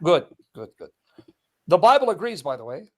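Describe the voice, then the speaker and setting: A man's voice: a little high, big pitch swings, normal speed, a little mellow. A man debating a Muslim, insistently challenging him and reading scripture verses aloud with emphasis. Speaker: Christian apologist debating a Muslim.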